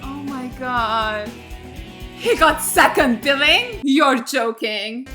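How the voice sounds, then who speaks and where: A woman hosting a TV reaction video, excitable and blunt, swearing freely. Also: high voice, takes it slowly, soft background music. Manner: gasps and laughs in surprise. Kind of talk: casual TV reaction commentary.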